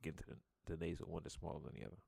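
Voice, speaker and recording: A man's voice: rumbling low, monotone, gravelly, dark tone, slightly rough, no room sound, studio quality. A man with a slight stutter co-hosting a podcast, chatting casually and choosing his words carefully. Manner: slow, careful wording, chuckling. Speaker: podcast co-host. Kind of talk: casual chat.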